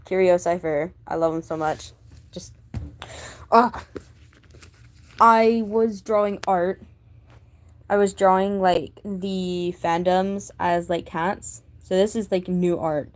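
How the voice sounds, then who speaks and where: A woman's voice: lowish voice, steady tone, slow pace. A woman vlogger chatting casually about her sketchbook, rambling with many fillers and gushing like a fan. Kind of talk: casual chat.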